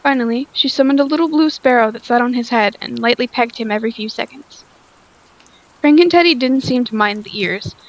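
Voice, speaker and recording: A woman's voice: fairly high pitch, lo-fi sound. A woman reading a story aloud, sounding tired, stumbling over lines and rereading them. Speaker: story reader.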